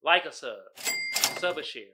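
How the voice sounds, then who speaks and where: A man's voice: a little high, normal speed, very noisy. A man hosting his own podcast in casual, joking chat, talking straight to his audience. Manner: animated, joking, talks to the audience as "y'all". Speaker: podcast host.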